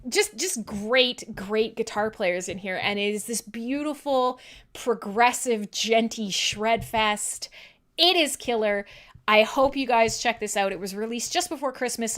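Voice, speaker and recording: A woman hosts a live metal radio stream in loose, rambling chat. Her voice sits a little high and has a bright, sharp edge. She is irreverent and swears easily. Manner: talks to her dog in a soft coo. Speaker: metal radio show host.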